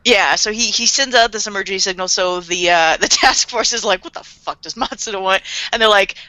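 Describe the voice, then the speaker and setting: A woman's voice: mid-range voice, a little fast, dry recording. A woman casually recapping an anime episode, laughing often and acting out characters' lines. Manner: animated retelling with laughs and voiced quotes. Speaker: podcast co-host.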